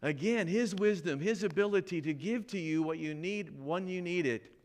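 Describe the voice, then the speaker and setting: Speaking at a normal speed in a high voice, a pastor tells a personal story from the pulpit of a church. He gets animated and imitates the voices of the people he quotes.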